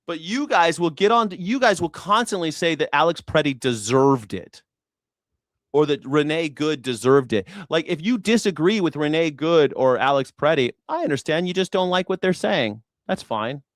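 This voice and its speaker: A man tears into his audience in a heated livestream rant, looping the same jabs and swearing freely. His voice sits a touch high and the sound is dry, with no room around it. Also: animated, normal speed, no room sound. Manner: profane, repetitive, shouting tirades. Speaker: livestream host.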